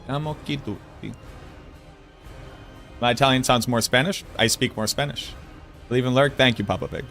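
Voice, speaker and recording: A man's voice: medium pitch, fast, pushed and bright, faint music behind. A man from Boston with a Boston accent, chatting casually and playfully with his livestream viewers and answering their messages. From Boston, United States. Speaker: game streamer.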